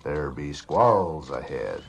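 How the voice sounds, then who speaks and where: A man's voice: very deep voice, expressive, slow pace, creaky, husky, pitched below the performer's own voice, heavily acted. A man voicing a salty old pirate who warns riders, drawling in pirate dialect for a theme park ride. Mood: ominous.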